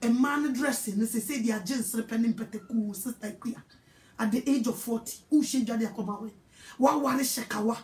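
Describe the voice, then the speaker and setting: Ghanaian lady preacher scolding hard, pretty high voice, roomy echo. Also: moderate pace, a little mellow. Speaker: evangelist. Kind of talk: sermon.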